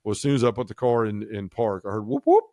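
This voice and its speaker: A man's voice: lowish voice, huge pitch swings, fast, warm tone, dry recording. A man telling his personal faith testimony as a guest, vividly acting out what people said. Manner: vivid storyteller, acts out quoted speech.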